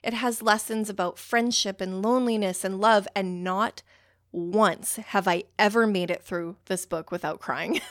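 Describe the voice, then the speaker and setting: A young woman hosting a casual book-review podcast, talking in an excitable, rambling way full of "like" fillers and getting easily worked up. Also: medium pitch, measured pace, no room sound, studio quality. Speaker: podcast host.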